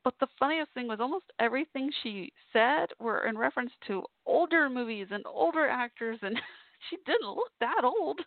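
A woman's voice: sits high, expressive, normal speed, no room sound. A woman telling a personal story to her listeners in a chatty way, laughing often. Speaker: podcast host. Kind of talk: casual storytelling monologue. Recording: tinny phone-like sound, dry.

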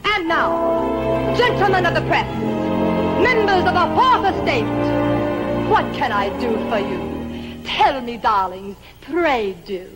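A theatrical movie-star diva from an old film musical, gushing over everyone in a very high, lilting voice. She drags her words out slowly and grandly, breathless and melodramatic. An orchestra plays under her. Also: expressive, over loud music, exaggerated voice, rough recording. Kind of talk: 1940s film musical acting.

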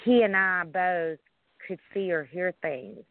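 A woman's voice: on the low side, slow pace. Middle-aged woman caller on a phone line. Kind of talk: call-in radio talk. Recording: dry, tinny phone line.

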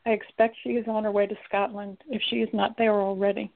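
An ancient giant guardian speaks calmly and in measured phrases, as a woman puts him on. There is gravel in the voice. The sound is thin and phone-like. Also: medium pitch, natural voice. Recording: tinny lo-fi recording.

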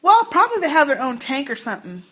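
A woman co-hosting a podcast, recapping a TV episode in casual chat, telling it with lively, animated quotes and free swearing. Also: high-pitched, fast, a crowd in the background. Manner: animated storytelling, acts out quotes, swears freely. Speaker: podcast co-host.

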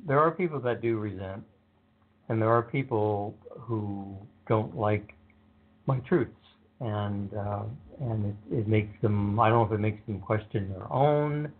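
A man in a casual conversation, telling anecdotes about his work in a relaxed way and acting out what others said. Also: fairly low pitch, measured pace. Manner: relaxed, anecdotal, acts out quotes. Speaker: author being interviewed. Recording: narrow phone-like sound.

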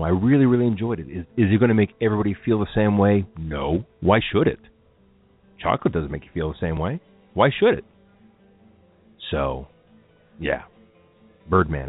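A man's voice: deep voice, slightly rough. A man hosting a film talk show, speaking casually and with strong opinions, rambling through asides. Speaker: podcast host. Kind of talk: casual solo radio talk. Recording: tinny phone-like lo-fi audio with faint music.

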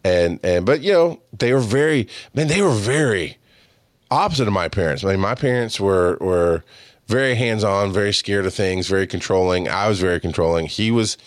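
A man's voice: on the low side, normal speed, no echo, clean studio sound. A man in his forties telling a casual, profane story about his friends as a podcast host, acting out their lines. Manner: profane, animated, acts out quotes of friends.

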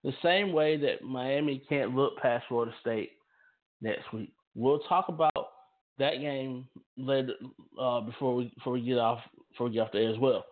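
A man's voice: medium pitch, normal speed. Emphatic man on a tinny phone line. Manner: repeats and restarts phrases, emphatic. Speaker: radio show host. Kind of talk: football talk radio commentary.

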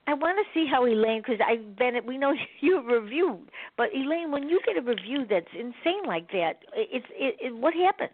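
A woman's voice: high voice, animated, fairly quick, few pauses, slight background noise. A woman hosting a talk show, chatting casually in a rambling way and laughing often. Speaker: radio show host. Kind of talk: casual chat. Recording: phone-line audio.

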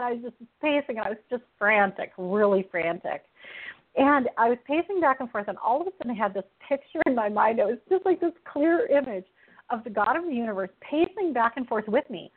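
A woman's voice: a little high, brisk. Woman host, tinny phone-like sound. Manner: earnest, animated storytelling with laughs. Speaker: radio show host. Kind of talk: Christian talk show, personal testimony.

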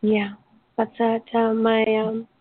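A woman's voice: a little high, monotone, slow, no room sound. A woman hosting an interview podcast, emotional and rambling with many fillers as she tells stories. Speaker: podcast host. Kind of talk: casual interview chat. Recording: tinny call audio.

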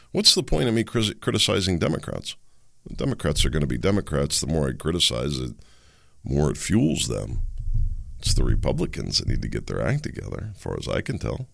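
A man's voice: very deep voice, creaky, no echo. A man hosting a political commentary podcast, talking alone with sarcastic, rhetorical questions to his listeners. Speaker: podcast host.

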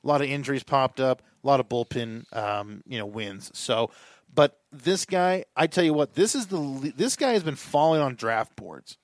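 A podcast co-host with a mid-range voice talks fantasy baseball in casual chat, animated and at normal speed, with no echo. He offers opinionated takes and thinks out loud.

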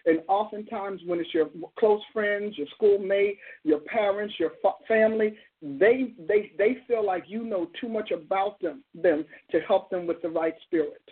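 A husky woman in her sixties leads a call-in show as a pastor, counseling and praying with an emphatic, rhythmic preaching delivery. The sound is thin and lo-fi, like a phone line. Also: mid-range voice, normal speed. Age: 60s. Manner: emphatic preaching, repetitive cadence. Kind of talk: live call-in counsel and prayer.

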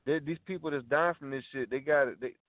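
A man's voice: on the high side, fast talker, dry recording. A man co-hosting a talk radio show, ranting in heated casual talk, swearing a lot and tagging his lines with slang asides. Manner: profane, repeats himself, tags lines with "you dig", "bro", "dog". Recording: tinny phone-like audio.

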